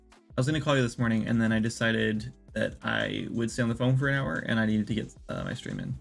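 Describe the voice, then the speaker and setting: Gravelly-voiced man rambling on a stream. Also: fairly low pitch, sing-song, quick pace, soft background music. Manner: rambling, filler-heavy, thinks aloud. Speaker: indie game developer streaming. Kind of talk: casual livestream chat.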